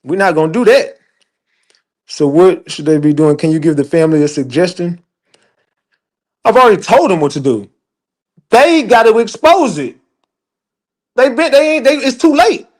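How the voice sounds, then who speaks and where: A man's voice: sits high, animated, normal speed, pauses often, darkish tone. A man ranting on a livestream, profane and emphatic, talking straight to his chat. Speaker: livestream commentator. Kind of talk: heated livestream rant.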